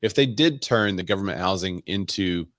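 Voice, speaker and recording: Deep voiced guy cohosting a real estate podcast, dry close sound, wry jokes. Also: expressive, moderate pace, fairly bright tone, no echo. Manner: wry, sarcastic asides. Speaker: podcast co-host. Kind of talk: casual podcast banter.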